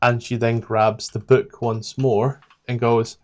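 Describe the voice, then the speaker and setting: Scottish dm guy, chill and slow, mumbling thru his notes mid session. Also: medium pitch. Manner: relaxed, rambling, flipping through notes aloud. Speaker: game master. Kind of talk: narrating a tabletop game.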